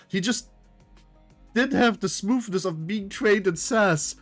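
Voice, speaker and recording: A woman streaming a game who reads the dialogue aloud and reacts in an excitable way, laughing often and swearing freely. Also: on the low side, normal speed, soft background music. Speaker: VTuber streamer.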